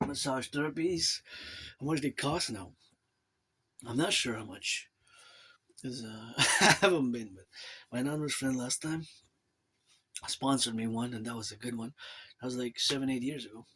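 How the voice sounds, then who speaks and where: A man's voice: mid-range voice, normal speed, pauses often, pushed and bright, slightly rough. A man from Montreal with a Quebec accent, talking in a loose, rambling monologue to camera and dropping asides like "eh?". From Canada. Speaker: vlogger.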